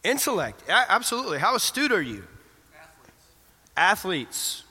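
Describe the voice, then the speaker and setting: A man's voice: sits high, big pitch swings, normal speed, bright, forceful tone, slightly rough. A man preaching an interactive sermon in a church, asking the congregation questions and affirming their answers. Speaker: pastor. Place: church sanctuary. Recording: reverberant church hall.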